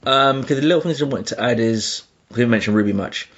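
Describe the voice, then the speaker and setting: A man co-hosting a podcast, talking in an animated, emphatic way with laughing asides. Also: medium pitch, fast talker, highs cut off. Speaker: podcast co-host. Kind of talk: casual discussion.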